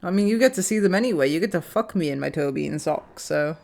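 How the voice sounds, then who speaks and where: A woman's voice: sits low, lively intonation, quick pace, creaky, a little mellow. A young British woman streaming a farming game, swearing freely and laughing through casual banter. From Britain. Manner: swears often, laughs between lines.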